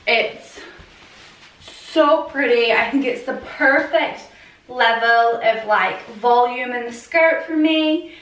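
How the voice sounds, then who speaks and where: A woman's voice: on the high side, slow, fairly bright tone. Gushing young British woman, roomy echo. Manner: gushing, chatty, lots of "like" and "um". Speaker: fashion vlogger. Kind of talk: casual try-on haul chat. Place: room at home with a heater. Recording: roomy echo, mic at a distance.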